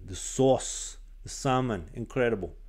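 A man's voice: medium pitch, measured pace, darkish tone, natural voice. A man voicing a stern Slovak hockey coach who never smiles, speaking in clipped, terse phrases with an Eastern European accent. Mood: gruff. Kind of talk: impression within podcast storytelling.

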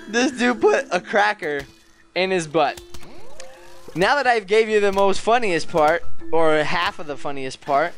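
A man's voice: high-pitched, a bit bright. A man hosting a casual gameplay video with his young son, talking in a playful, goofy, teasing way.

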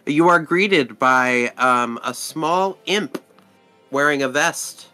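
A man running a tabletop role-playing game, narrating scenes in an easygoing way with plenty of fillers. His voice is bright and fairly high, and soft music plays under it. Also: slow. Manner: relaxed, with frequent fillers. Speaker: game master.

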